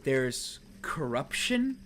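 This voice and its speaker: A young man commentates his game in an exasperated, self-talking way, dropping to mutters and then jumping into loud outbursts. His pitch swings widely. A faint hum sits under his voice. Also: big pitch swings, very slow. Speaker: gaming streamer. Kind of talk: let's play commentary.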